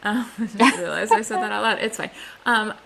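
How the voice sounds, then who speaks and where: A woman hosts a book podcast in a loose, chatty way, tossing in joking asides. Her voice has a gravelly edge, with a faint hiss behind it. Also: medium pitch, fairly quick. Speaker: podcast host. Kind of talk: casual interview chat.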